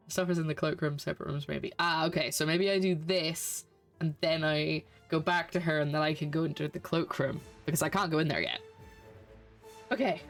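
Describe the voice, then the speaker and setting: A streamer with a light Scottish accent talks through a game in casual let's-play commentary, at a mid-range pitch. They chat and think aloud while puzzling things out. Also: fairly bright tone.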